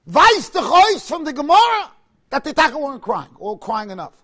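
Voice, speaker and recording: A man's voice: extremely high pitch, very animated, normal speed, fairly bright tone. A man teaching a Talmud lecture, asking rhetorical questions and pressing points with sudden emphasis, weaving Hebrew and Aramaic terms into his English.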